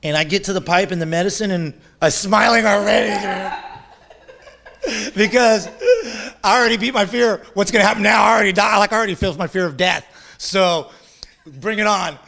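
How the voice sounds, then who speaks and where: Excitable man, higher voice, laughing. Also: brisk, vocal fry. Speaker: shaman guest. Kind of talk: animated storytelling interview.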